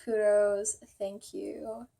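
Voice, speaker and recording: A woman's voice: medium pitch, flat delivery, very slow, vocal fry, heavy background noise. A young woman telling a storytime vlog, chatty and full of fillers, acting out her own quotes. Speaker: vlogger.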